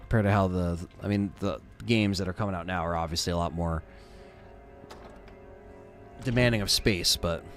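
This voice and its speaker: A man's voice: low voice, normal speed, long pauses, soft background music. A man rambling casually to his chat while playing a game, tired and yawning. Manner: rambling, laid-back, talks to chat. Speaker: gaming streamer. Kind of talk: casual gameplay commentary to chat.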